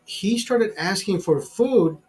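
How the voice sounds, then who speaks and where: High-voiced man in his fifties, swearing. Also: animated, takes it slowly, darkish tone, faint music behind. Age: 50s. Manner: rambling, repeats words, swears freely. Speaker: show host. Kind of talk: casual profane storytelling. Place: streaming studio.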